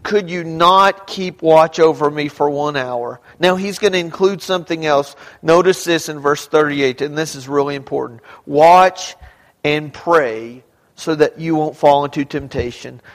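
A pastor delivers a conversational sermon, posing questions to the congregation in a high voice at a measured, unhurried pace. Now and then he rises into a shout, and the church hall adds a long reverb to the sound.

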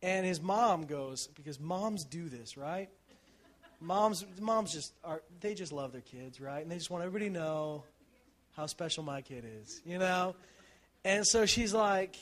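A man's voice: on the high side, a little slow. A male pastor preaching a sermon in a conversational storytelling way, acting out the people in the story and often asking "right?". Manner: animated storytelling, acts out quotes, shouts for emphasis.

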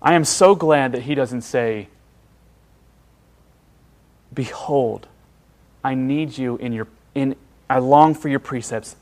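A man preaching a sermon, earnest and emphatic, with dramatic pauses and hushed drops. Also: mid-range voice.

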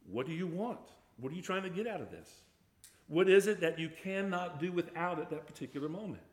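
A man's voice: on the high side, echoey room. A man preaching a sermon, emphatic, firing off rhetorical questions and repeating key words. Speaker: pastor.

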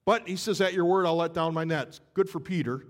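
Guy giving a sermon, kinda high voice, storyteller, acts out the scene. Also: a little fast. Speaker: pastor.

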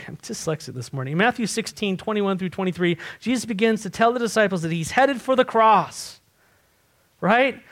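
A man preaching a sermon, animated and asking his listeners questions. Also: high voice. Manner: animated, asks the congregation questions. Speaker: pastor.

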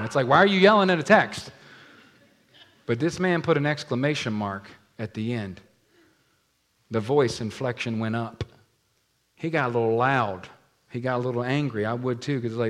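A pastor with a mid-range voice preaches briskly to his congregation. He is animated, acting out the voices in the scripture story and putting questions to the room.

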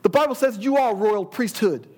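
A man's voice: high-pitched, a little fast, darkish tone. A man preaching a sermon, emphatic, often repeating words as he builds a point and quoting scripture.

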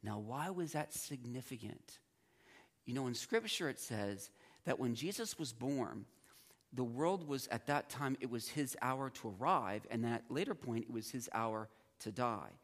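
Male teacher, mid-pitched voice, chatty classroom delivery that acts out student reactions. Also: expressive, unhurried.

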